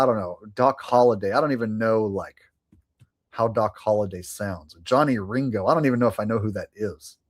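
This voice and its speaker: A man hosting a livestream, chatting casually with viewers in a rambling way, laughing and swearing now and then. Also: medium pitch. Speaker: livestream host.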